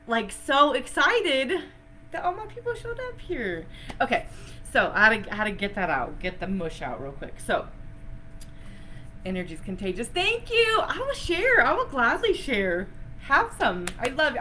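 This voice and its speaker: A woman's voice: mid-range voice, pushed and bright, a little hiss or hum. A woman teaching breathwork on a live online session, chatty and effusive, laughing often and using a lot of fillers. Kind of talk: casual live-stream teaching.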